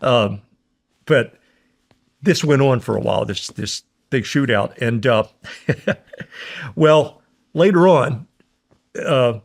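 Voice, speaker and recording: Older american guy with a gravelly voice, rambling through war stories, keeps chuckling and doing the other guys' voices. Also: mid-range voice, takes it slowly, pauses often. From United States. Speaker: guest, war veteran. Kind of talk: casual storytelling.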